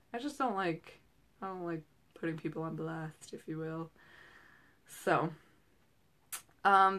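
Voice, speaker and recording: A woman in her thirties, a host and direct seller, chats casually from a small room at home, rambling off on tangents with many fillers. Her voice is fairly low pitched and a bit bright.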